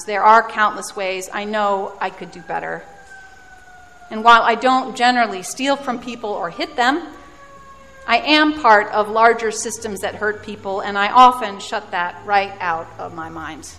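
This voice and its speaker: A woman's voice: mid-range voice, normal speed, sharp tone. A woman preaching a sermon, telling a personal story in a reflective, self-deprecating way. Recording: reverberant hall.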